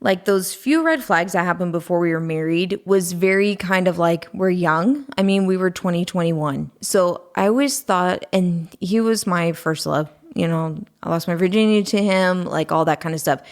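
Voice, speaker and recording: A woman in her thirties, a podcast guest, talking openly and calmly about her past, with many fillers. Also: fairly low pitch, moderate pace, few pauses. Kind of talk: candid conversational interview.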